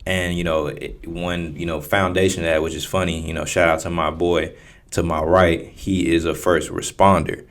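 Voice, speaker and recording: A man co-hosts a casual podcast. He talks in a laid-back, rambling way, full of "um" and "you know." His pitch barely moves. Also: flat delivery, normal speed. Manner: laid-back, rambling with many fillers and restarts. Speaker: podcast co-host.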